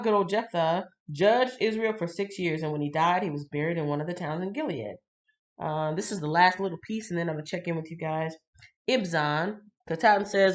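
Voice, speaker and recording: A woman hosting a casual livestream Bible reading, chatty and lively, laughing and greeting viewers by name. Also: low voice.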